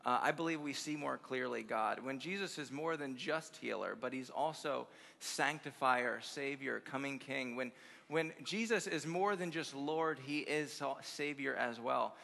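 A man's voice: medium pitch, a little slow, vocal fry, pushed and bright. A man giving a conference sermon to college students, upbeat and effusive, chuckling through personal stories. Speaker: guest speaker at a college chapel conference. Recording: long reverb of a large hall.

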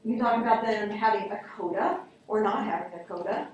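A woman with a brisk pace and a mid-range, darkish voice teaches a linguistics class, explaining ideas, taking student questions and repeating examples aloud. The sound was picked up from a distance in an echoey classroom, with slight background noise.

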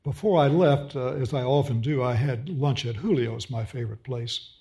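A man's voice: mid-range voice, moderate pace, dark tone. A man with a mild Austin, Texas accent, a professor putting questions in an onstage conversation and telling stories fluently with dry wit. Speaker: professor and interviewer.

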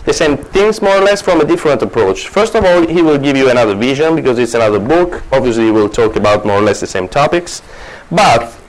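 An Italian-accented man gives a university classics lecture in a mid-range voice with lively intonation and a quick pace, captured on poor audio. He rambles, often restarting, correcting himself and laughing softly.

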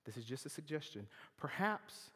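Campus preacher, a man, sermon delivery, loud emphatic quotes against soft asides, hall reverb. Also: on the high side, moderate pace. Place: campus chapel.

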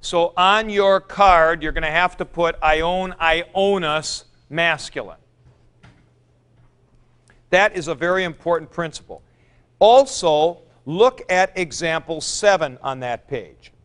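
A man's voice: on the high side, takes it slowly, fairly bright tone, smooth. A man teaching a classroom lecture, patiently explaining step by step and repeating forms aloud at the board. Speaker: Greek teacher.

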